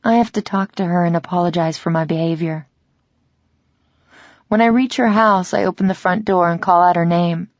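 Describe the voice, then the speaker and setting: Woman, first-person audiobook narration, measured, reflective, dry close sound, slightly muffled. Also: lowish voice, no room sound.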